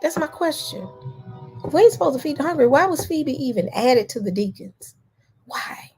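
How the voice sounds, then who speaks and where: A woman with a somewhat high voice gives casual commentary to her viewers. She talks emphatically, circling back and repeating phrases, with frequent restarts. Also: animated, moderate pace, dark tone, soft background music. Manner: addresses the viewers directly. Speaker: vlogger.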